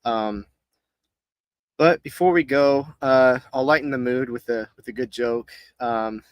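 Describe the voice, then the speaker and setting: A man co-hosting a livestream, laid-back and halting in casual chat. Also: mid-range voice, no room sound. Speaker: livestream co-host.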